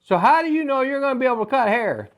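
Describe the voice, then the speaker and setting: A man's voice: very high voice, very animated, fast, a bit bright, pitched above the performer's own voice, exaggerated voice. A man doing his blunt, skeptical old dad. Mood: dismissive. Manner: blunt, dismissive. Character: gruff skeptical father, older man.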